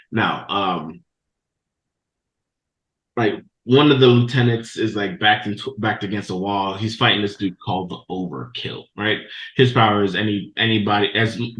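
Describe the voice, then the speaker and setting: A man hosting a podcast, recapping a show in a loose, profane, animated storytelling way. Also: fairly low pitch, lo-fi sound. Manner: profane, animated storytelling with laughs and quoted voices. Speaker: podcast host. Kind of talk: casual recap of an anime episode. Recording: echoey room.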